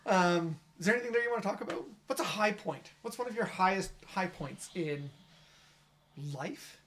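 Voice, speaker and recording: A man interviewing a guest in a casual conversation, affirming and chatty, quick to laugh. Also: high voice, animated, a bit bright, a little hiss or hum. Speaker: interviewer and youth ministry pastor.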